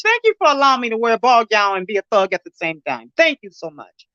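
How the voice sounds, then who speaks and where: Lively woman hosting a stream chat, giggly and teary, highish bright voice, kinda dull lo-fi call audio. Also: no room sound. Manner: giggly, emotional, quick to tear up. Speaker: host of an online community stream. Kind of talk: casual live chat.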